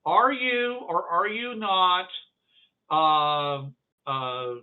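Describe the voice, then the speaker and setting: A man voicing a formal, wary male official who questions strangers slowly and deliberately. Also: high voice, smooth. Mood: questioning. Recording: phone-like narrow band.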